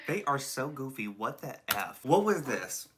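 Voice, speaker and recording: A man hosting a music video reaction channel, chatting casually and excitably, laughing often. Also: medium pitch, unhurried.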